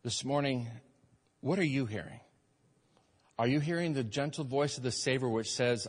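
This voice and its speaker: A man preaching a sermon as pastor, emphatic, swinging between loud urgent passages and quiet earnest ones. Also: mid-range voice, moderate pace, long pauses, husky, long reverb tail. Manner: emphatic preaching, rising and falling in force.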